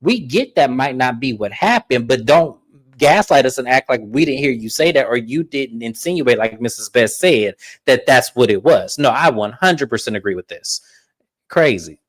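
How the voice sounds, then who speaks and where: A man, chatting casually as he recaps a reality show and slips into quick impressions of the cast. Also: medium pitch. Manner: animated, mimics the cast in quoted asides.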